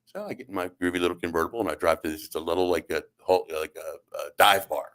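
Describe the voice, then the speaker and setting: A middle-aged man with a very deep, low-pitched voice hosts a talk radio show from the studio. He tells comic stories in a rambling, halting way and keeps acting out the other people's lines. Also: a bit bright. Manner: rambling, halting, with acted-out quotes. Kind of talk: comedic storytelling on talk radio.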